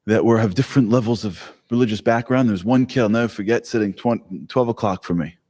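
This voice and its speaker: A man giving a live talk to an audience, telling stories in an animated, joking way. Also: fairly low pitch, fairly quick. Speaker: speaker. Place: hall with an audience. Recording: long hall reverb.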